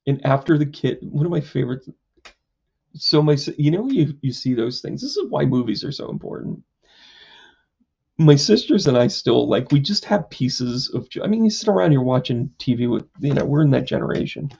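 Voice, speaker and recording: Gravelly, rambling man chatting on a stream. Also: mid-range voice, lively intonation, normal speed, a little mellow, lo-fi sound. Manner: rambling, self-mocking storyteller with many fillers. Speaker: psychic medium and astrologer. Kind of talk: casual live-stream chat.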